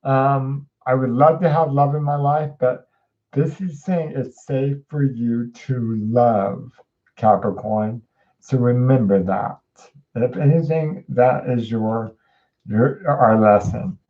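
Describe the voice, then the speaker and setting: Male host, casual tarot stream; slow, filler-heavy rambling delivery, dull lo-fi sound. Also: mid-range voice. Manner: rambling, many fillers and restarts, chatty with viewers. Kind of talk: casual livestream tarot reading.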